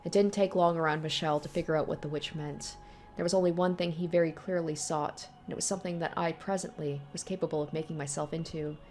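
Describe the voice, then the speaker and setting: A woman's voice: sits low, steady tone, fast, darkish tone, a little hiss or hum, natural voice. A woman reading aloud the lines of a bitter, dying young man in a visual novel.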